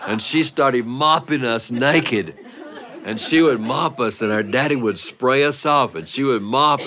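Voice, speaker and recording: A man performing a playful family story for listeners, animated and often breaking into laughter. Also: medium pitch, a little slow.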